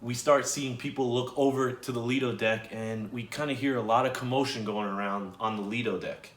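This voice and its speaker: A man's voice: medium pitch, steady tone, a little fast, a bit bright, echoey room. A young man co-hosting a vlog, telling a story in a chatty, easygoing way with some stumbles. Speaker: vlog co-host. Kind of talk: casual storytelling to camera.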